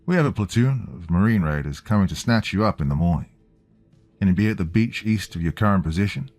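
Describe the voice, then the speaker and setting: A breezy, cheerful radio operator with an Australian accent, put on by a male storyteller. His deep voice stays upbeat and easygoing, with faint music behind it. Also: animated, fast talker, darkish tone.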